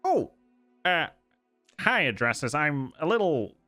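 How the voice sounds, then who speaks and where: A man voicing an animated woman in a tabletop game, speaking quickly and a little distracted. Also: fairly high pitch, dry recording, soft background music, pitched above the performer's own voice, exaggerated voice. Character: animated young woman, a busy merchant.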